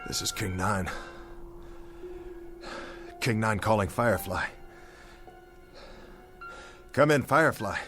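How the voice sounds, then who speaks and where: An actor playing a stranded, shaken pilot who rambles over the radio in a radio drama, asking himself questions. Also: male voice, lowish voice, lively intonation, slow, pauses often. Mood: shaken, rambling. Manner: rambling, questioning, half-laughing monologue. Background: music score.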